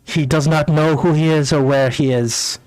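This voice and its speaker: Sweet old lady nurse, higher and gentle, fussy and sorry, a man doing her. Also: fairly even intonation, normal speed, dry recording, lightly acted, low-quality recording. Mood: apologetic. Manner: gentle apologetic. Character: kind elderly human woman nurse, fussing.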